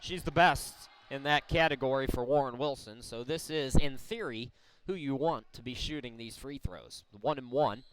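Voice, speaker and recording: A man calling a college women's basketball game play by play, explaining the situation in a measured way between plays. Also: mid-range voice, slight background noise. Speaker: play-by-play announcer. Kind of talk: sports commentary. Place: college gym broadcast.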